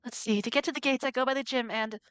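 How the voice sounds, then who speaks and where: A woman's voice: sits high, fast, fairly bright tone, clean tone, no echo, voice pushed up. A woman voicing an anxious teenage schoolgirl who asks worried questions.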